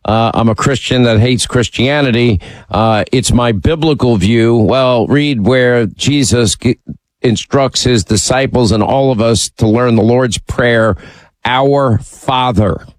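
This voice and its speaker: A man's voice: medium pitch, a little slow, no echo, rough recording. A man hosting a radio talk show, speaking emphatically and opinionated, teasing his callers. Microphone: studio mic.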